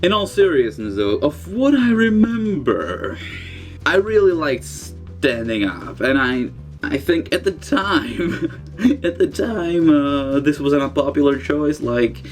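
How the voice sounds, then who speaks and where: A man vlogging from a bathroom, firing off crude jokes as he works through a list of fan questions. His voice swings up and down in a lively sing-song, and soft music plays underneath. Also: slow pace. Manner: profane, joking, reads questions aloud then answers with wild pitch jumps. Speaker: vlogger answering forum questions. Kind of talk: casual Q&A vlog. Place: indoors in a bathroom.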